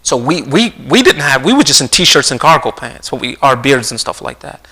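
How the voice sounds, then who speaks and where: Bright-voiced middle-aged man telling stories. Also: mid-range voice, sing-song, moderate pace, breathy edge, poor audio. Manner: repeats and restarts phrases, earnest storytelling. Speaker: speaker on a community live stream. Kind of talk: conversational talk with storytelling. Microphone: streaming mic.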